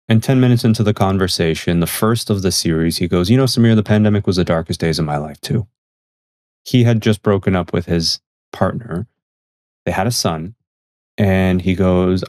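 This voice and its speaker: Canadian man, podcast guest, low-pitched, dry studio sound; earnest, reflective storytelling with voiced quotes. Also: moderate pace, a little mellow, no echo. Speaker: podcast guest and magazine editor.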